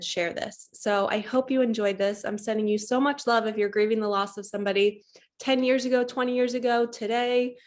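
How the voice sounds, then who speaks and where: Soft-spoken lady reading her book then chatting, gentle and encouraging, a bit emotional. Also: mid-range voice. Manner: soft, gentle and encouraging, calls listeners lovies. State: a little emotional. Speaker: host and grief coach.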